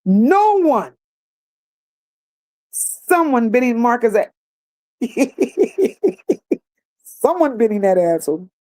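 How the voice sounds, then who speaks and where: A woman's voice: a little high, very animated, a little slow, pauses often, a little mellow. A woman hosting a livestream, reading viewer comments aloud and answering them bluntly, with sassy repeated phrases. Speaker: livestream host.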